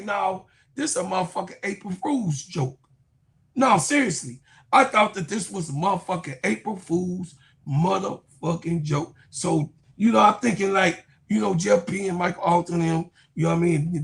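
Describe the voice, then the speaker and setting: Fifties male sports vlogger, high voice, loose profane rant. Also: normal speed, creaky. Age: 50s. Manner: animated, profane, keeps repeating "you know what I'm saying". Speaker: sports YouTube commentator. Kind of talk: casual rant to viewers.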